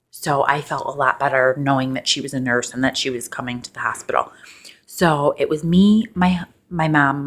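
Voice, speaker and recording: A young woman casually telling a personal story in a loosely ASMR style, chatty and laughing, bursting into high excited voices when she quotes people. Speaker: ASMR channel host.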